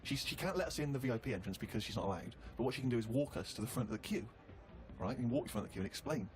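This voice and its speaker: A man's voice: mid-range voice, animated, rapid-fire. A man co-hosting a radio comedy show, telling rambling, self-deprecating anecdotes full of quoted exchanges. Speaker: co-host. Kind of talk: casual comic storytelling.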